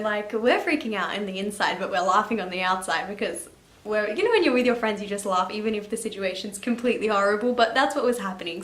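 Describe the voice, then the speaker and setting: Chatty teenage girl in an echoey room. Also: mid-range voice. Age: late teens. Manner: chatty, animated, laughing and swearing casually. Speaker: vlogger. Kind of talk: story time chat.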